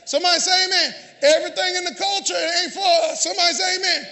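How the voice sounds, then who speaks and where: A man preaching a sermon, shouting call-and-response lines to his congregation and often repeating or restarting phrases. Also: extremely high pitch, steady tone, fast. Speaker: pastor. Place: large church sanctuary. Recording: long church reverb, faint congregation.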